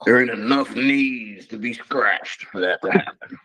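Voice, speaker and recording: Blunt, husky-voiced man in casual banter. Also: mid-range voice, a little slow, bright, forceful tone, rough recording. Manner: blunt, dismissive, drawling.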